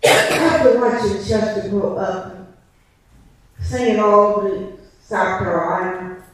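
A woman's voice: mid-range voice, slow. A woman giving an impassioned church testimony as a licensed preacher, with a preaching cadence and emphatic repetition. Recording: echoey church from a distance.

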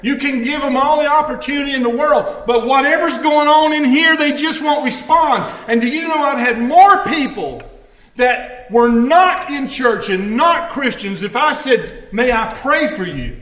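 A man's voice: very high voice, measured pace, fairly bright tone, roomy sound. A man preaching a conversational sermon, telling stories with wry asides. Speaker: pastor.

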